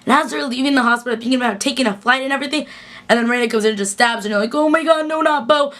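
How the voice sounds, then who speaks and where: A young woman gushing through a casual episode recap in a chatty, excitable way, full of "like". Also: a little high. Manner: gushing, chatty, fast bursts with fillers like "like". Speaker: TV recap vlogger.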